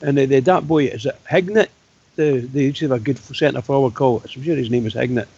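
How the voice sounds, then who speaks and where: A man's voice: medium pitch, fairly even intonation, fast, a little mellow, breathy edge, no room sound. A Scottish man on a football fan phone-in, recalling old games in a storytelling way. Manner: reminiscing, storytelling. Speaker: radio co-host. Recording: dry, dull lo-fi radio sound.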